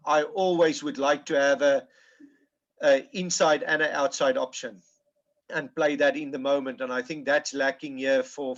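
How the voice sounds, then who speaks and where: A man with a South African accent, a rugby coach breaking down match footage in a webinar, talking haltingly with restarts. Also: medium pitch, highs cut off. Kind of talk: webinar analysis.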